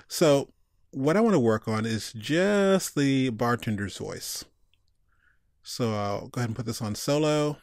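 Casting: laid-back man walking through an audio-editing tutorial, dry close sound, mid-pitched. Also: no room sound. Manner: relaxed, chatty, with frequent fillers. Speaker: tutorial host. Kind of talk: casual screen-recorded software tutorial.

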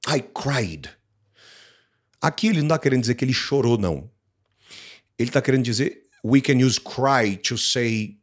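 A man with a Brazilian Portuguese accent teaching English, repeating phrases and asking and answering his own questions, mixing in Portuguese explanations. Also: mid-range voice. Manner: switches between English and Portuguese. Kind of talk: language lesson reading and explaining a story.

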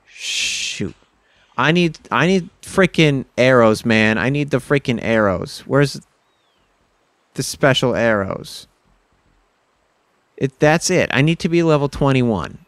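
A man casually commenting on his own video game play, excitable and self-mocking, yelping when surprised. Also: medium pitch, a little slow, long pauses, no echo. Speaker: gaming YouTuber.

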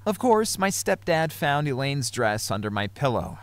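A man's voice: medium pitch, big pitch swings, moderate pace, no room sound, natural voice. A man voicing an earnest, aggrieved teenage narrator. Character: wronged teenage boy telling his story. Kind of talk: animated story narration.

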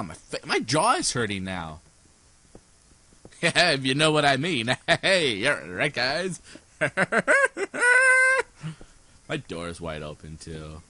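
A sleep-deprived man rambling through casual gameplay commentary, his voice leaping wildly up and down in pitch. He talks slowly and giddily, with a bright, forceful tone. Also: no room sound. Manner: giddy, rambling, prone to sudden screams and laughter. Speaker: gaming channel host. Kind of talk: casual let's play commentary.

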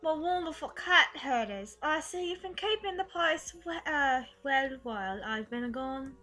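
Woman putting on a charming older boss, theatrical and flattering, with a put-on British accent. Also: high-pitched, measured pace, faint music behind, heavily acted. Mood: suave. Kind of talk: reading game dialogue aloud.

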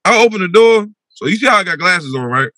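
A young man telling a wild personal story on a podcast, animated and full of slang, acting out his own voice with big swings in pitch. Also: fast talker, no room sound. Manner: slangy, repeats "bro" and "yo".

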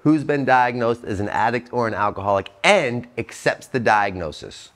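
A man in his forties speaking to an audience at a treatment center, blunt and profane, swinging between loud emphatic bursts and low quiet asides. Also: animated, normal speed. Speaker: motivational speaker. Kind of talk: recovery talk to an audience.

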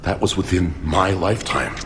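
An actor playing an older male scientist who leads a research task force, explaining in an earnest, measured way. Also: low-pitched, fairly bright tone, slight background noise. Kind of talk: video game dialogue.

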